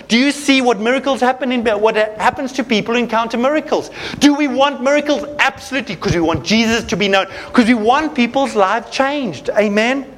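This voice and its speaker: A man preaching a sermon, reading scripture aloud and commenting with animated emphasis. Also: very high-pitched, a little fast, hardly any pauses.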